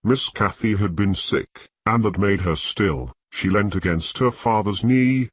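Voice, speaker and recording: A man narrating a classic novel as an audiobook in a steady, measured reading voice. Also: on the low side, no room sound.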